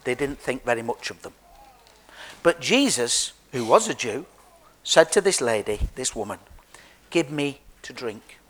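A man's voice: mid-range voice, big pitch swings, normal speed. An Englishman telling a Bible story to children in a jokey, chatty way, talking straight to them. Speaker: preacher giving a children's talk.

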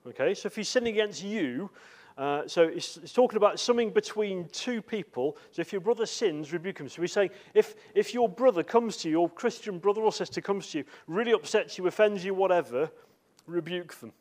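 A man's voice: high-pitched, expressive, fairly quick, darkish tone. A man preaching in a church with a slightly raised voice. He speaks in a loose, chatty way, full of asides and little fillers as he addresses the congregation. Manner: conversational, with frequent fillers and asides. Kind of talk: sermon.

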